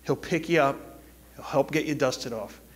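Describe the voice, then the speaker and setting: Middle-aged pastor preaching a sermon. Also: male voice, medium pitch, slightly rough. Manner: storytelling with quick asides, then soft pleading exhortation. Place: church sanctuary.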